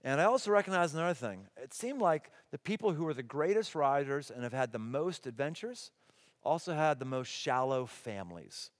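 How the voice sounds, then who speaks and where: A middle-aged man preaching a sermon as pastor, animated and emphatic, acting out the people he quotes. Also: medium pitch, moderate pace. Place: large church auditorium. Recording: long hall reverb.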